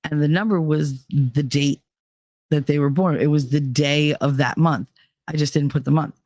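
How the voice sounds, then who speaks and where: A woman hosting a podcast who tells casual stories in an animated, profane way, leaping up in pitch when she quotes people. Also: normal speed, no room sound. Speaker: podcast host. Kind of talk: casual storytelling.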